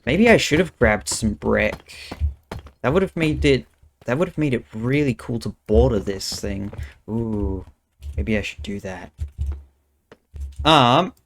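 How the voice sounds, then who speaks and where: Young male streamer, relaxed slow pace, mid-range voice, casual muttering commentary. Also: mid-range voice, slight background noise. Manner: thinking aloud, muttering counts under his breath.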